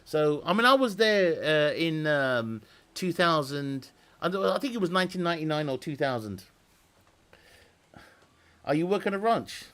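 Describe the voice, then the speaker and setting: Man, live streamer, rambling casual chat, frequent swearing and laughter, crisp tense tone, fairly high voice. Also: animated, normal speed, long pauses, a bit bright.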